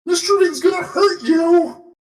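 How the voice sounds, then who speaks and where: A piercing, sky-high squeal from a hostile little creature lurking inside the walls. It drags out its shrieked threats slowly, and it sounds set back from the mic. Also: male voice, raised voice, far from the mic. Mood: shrieking threats. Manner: shrieking warnings. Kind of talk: tabletop role-play voice.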